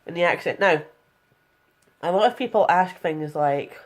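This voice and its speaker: A woman's voice: on the low side, lively intonation, moderate pace. A young woman talking frankly in a casual vlog tutorial, chatty and blunt, with plenty of fillers. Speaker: vlogger.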